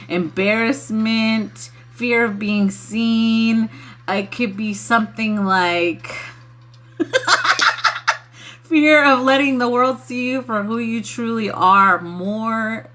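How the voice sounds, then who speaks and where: A woman's voice: fairly high pitch, a bit bright. A woman giving a casual spiritual livestream message, chatty and loose, laughing often.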